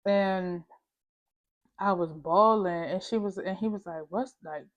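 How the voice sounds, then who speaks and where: A woman's voice: medium pitch, steady tone, a little slow, highs cut off. A woman vlogger telling a personal story in a candid, slangy, emphatic way, talking straight to the viewer. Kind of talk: casual storytime monologue.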